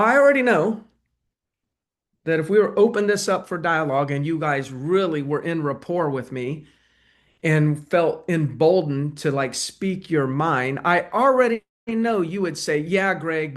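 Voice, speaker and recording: A man teaching agents how to win listings, lively, and he acts out both sides of a talk with a client. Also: on the high side, normal speed. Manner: energetic, acts out client dialogue. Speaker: real estate trainer. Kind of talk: sales training talk.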